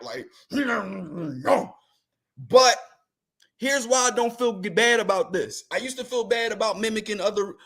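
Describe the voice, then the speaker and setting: A man's voice: high voice, a bit bright. A man hosting a show, telling loose slangy stories in casual chat with rambling restarts. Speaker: host.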